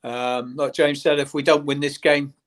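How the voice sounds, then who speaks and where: A man's voice: fairly high pitch, flat delivery, normal speed, fairly bright tone. A man giving earnest, plain-spoken thoughts as a guest pundit on a live fan show.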